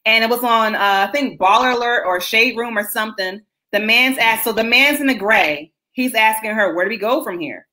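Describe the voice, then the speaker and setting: A woman's voice: fairly high pitch, normal speed, hardly any pauses, bright, forceful tone. A woman hosting a casual livestream chat over a video call, chatty and explaining as she tells stories. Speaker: host.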